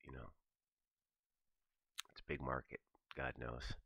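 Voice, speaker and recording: A man's voice: little pitch movement, a little slow, sharp tone, no room sound. A man giving a casual, profane morning talk on trading, thinking aloud as he walks through his trades. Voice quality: gravelly, very low voice. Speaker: trading commentator. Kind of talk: morning market commentary.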